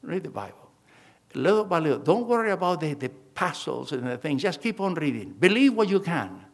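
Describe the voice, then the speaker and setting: A pastor preaching a sermon, acting out conversations with emphatic storytelling and phrasing. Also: male voice, on the high side, very animated, fairly quick.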